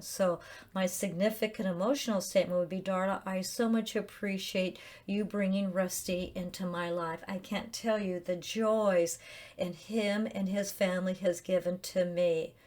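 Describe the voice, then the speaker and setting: A middle-aged woman, a chaplain, gently explaining grief recovery homework with personal examples. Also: medium pitch. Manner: gentle and earnest, reading out sample statements. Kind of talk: instructional talk with personal examples.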